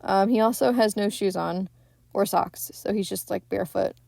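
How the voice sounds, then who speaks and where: A woman's voice: mid-range voice, moderate pace, vocal fry, no echo. Casual woman recapping a film, dry sound. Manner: chatty, profane, animated retelling. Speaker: podcast host.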